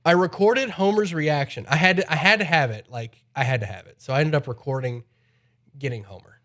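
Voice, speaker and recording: A man's voice: on the high side, a little fast, fairly bright tone. A man live streaming from home, chatting in a rambling way, his voice slightly nasal from a cold. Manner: rambling, chatty, repeats himself. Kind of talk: casual chat.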